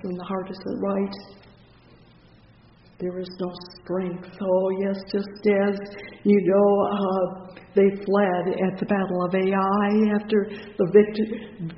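A man preaching a sermon with fervor, punctuating it with "oh, yes" and swinging from loud to soft. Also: sits high, little pitch movement, slow. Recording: echoey hall, dull lo-fi sound with faint noise.

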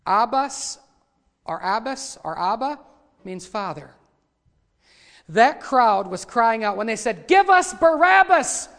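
A man preaching a sermon, retelling the story dramatically and voicing the quoted lines louder. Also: sits high, lively intonation, slow pace, creaky, pauses often. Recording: long hall reverb.

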